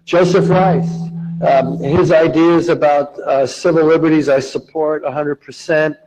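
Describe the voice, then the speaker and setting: A man giving public comment at a meeting, speaking in a measured way with hesitant fillers. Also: a little high, fairly even intonation, a little mellow, rough recording.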